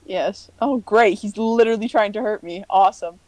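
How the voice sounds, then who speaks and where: A woman's voice: medium pitch, normal speed, darkish tone, dry recording. A woman playing a druid character in a tabletop game, casual, often laughing. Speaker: player.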